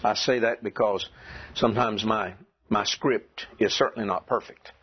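Husky man teaching a class. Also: lowish voice, steady tone, normal speed, muffled recording. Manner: patient, repeats rules and questions to the class. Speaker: Greek teacher. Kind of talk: classroom lecture.

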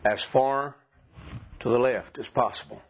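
A husky-voiced man gives a classroom lecture, walking his students through grammar rules and repeating them patiently. He keeps his pitch in a middle register. The recording is dull and lo-fi. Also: a little slow. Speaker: Greek teacher.

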